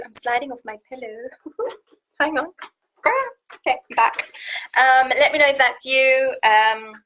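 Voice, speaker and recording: A woman hosting a live wellness challenge, slowly counting breaths and then chatting with viewers. Her voice is slightly husky, and she is seated indoors at home. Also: on the high side, a bit bright, low-quality recording. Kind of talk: live-streamed coaching chat with guided breathing.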